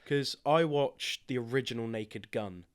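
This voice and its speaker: A man's voice: medium pitch, unhurried, clean tone. A young man hosting a podcast, easygoing and agreeable, chatting casually. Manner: easygoing, agreeable, brief replies. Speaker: podcast host. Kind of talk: casual chat.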